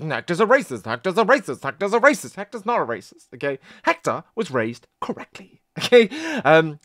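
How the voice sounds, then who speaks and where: A man's voice: fairly high pitch, fairly bright tone, dry recording, studio quality. A British man hosting a music reaction channel, talking bluntly in casual commentary and swearing often, with many restarts and asides. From United Kingdom. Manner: blunt and heavily profane, with frequent restarts and asides.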